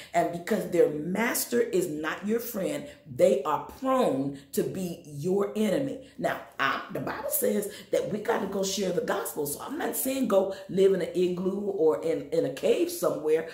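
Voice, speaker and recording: Woman Sunday school teacher, fervent preacher; gravelly edge, echoey room, bursts of high exhortation. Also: lively intonation, a little slow, few pauses, a little mellow. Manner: addresses listeners directly. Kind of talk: sermon.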